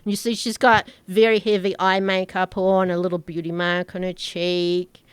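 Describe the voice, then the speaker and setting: A woman narrating a tabletop game as game master, describing scenes slowly with halting fillers. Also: on the low side, flat delivery, smooth, no echo.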